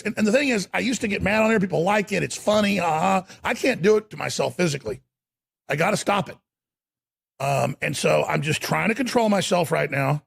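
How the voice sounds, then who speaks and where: A middle-aged man hosting a live show, ranting angrily in a gravelly, raspy voice. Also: high voice, brisk. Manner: angry, shouting rant. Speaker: talk show host.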